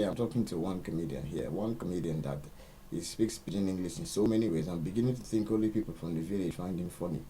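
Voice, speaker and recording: Nigerian male host, very low and dark voice, emphatic ranting monologue, faint hiss behind. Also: fast talker, low-quality recording. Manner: emphatic, ranting, rising into loud outbursts. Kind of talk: opinionated monologue.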